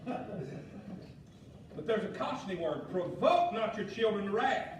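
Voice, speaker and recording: A male pastor, preaching a fiery sermon with shouted emphasis and folksy asides. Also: sits high, expressive, slow. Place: church sanctuary. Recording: echoey church hall, mic far off, faint noise.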